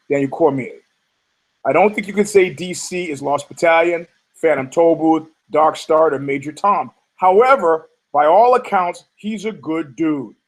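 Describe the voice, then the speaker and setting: A man hosting a solo podcast, rambling in a sardonic, profane way with many restarts. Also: fairly high pitch. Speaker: podcast host. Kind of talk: casual solo podcast monologue.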